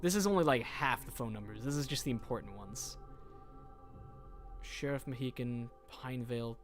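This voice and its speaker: A man's voice: mid-range voice, moderate pace, faint music behind. A man casually commenting while streaming a game, joking and reading in-game notes aloud.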